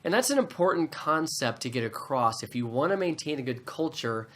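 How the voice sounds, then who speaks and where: A man's voice: on the high side, lively intonation, a little fast, fairly bright tone, a little hiss or hum. A man, a regional manager, explaining a workplace rule to camera in a casual, conversational way with frequent restarts.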